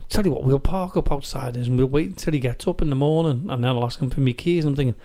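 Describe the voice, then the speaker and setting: A man's voice: medium pitch, fast talker. A man hosting a podcast, telling an anecdote in casual chat and acting out what people said. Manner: animated anecdote-teller, acts out quoted voices, laughs easily. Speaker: podcast host. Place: studio.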